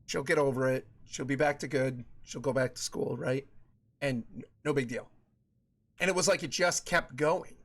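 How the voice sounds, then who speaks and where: This streamer, a man in his thirties, hosts a live game stream and chats loosely with viewers, rambling and repeating himself with lots of fillers. His voice is mid-range and fairly bright, at a normal speed.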